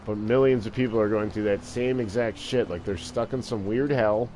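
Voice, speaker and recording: A man's voice: lowish voice, steady tone, moderate pace, warm tone. A man talking in a rambling, crude, profane casual monologue while playing a game. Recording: noisy with vehicle sounds behind.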